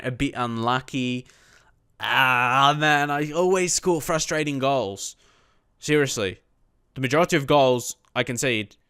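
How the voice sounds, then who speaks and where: A young man chatting through live gameplay, talking to himself and his viewers and erupting in frustrated shouts at his players. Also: mid-range voice, smooth, no echo, studio quality. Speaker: gaming YouTuber.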